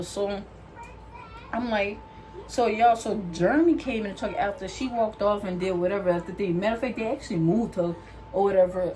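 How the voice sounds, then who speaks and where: A young woman vlogger telling a work story while she does her hair, animated and acting out the other people in it. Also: mid-range voice, a little hiss or hum.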